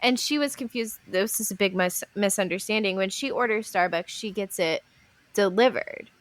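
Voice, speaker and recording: Brief: young woman podcast co-host, chatty storyteller, mid pitch, laughs through her stories. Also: moderate pace, dry recording. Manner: animated storytelling, acting out quotes, laughs often. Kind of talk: casual chat.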